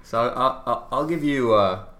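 A man's voice: medium pitch, measured pace, fairly bright tone. A man co-hosting a casual podcast, teasing his friend in a rambling way. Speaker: podcast co-host. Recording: roomy echo.

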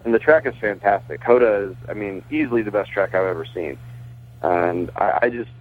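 A man's voice: on the low side, a little fast. Man talking over a tinny phone line. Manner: chatty, self-correcting, laughs while talking. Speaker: guest, pitcher and race team owner. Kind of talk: phone interview, casual storytelling.

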